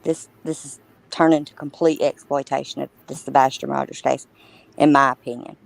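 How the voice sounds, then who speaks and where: A woman's voice: a bass voice, level tone, moderate pace, gravelly, low-quality recording. A woman co-hosting a casual true crime livestream, talking emphatically and indignantly with many restarts.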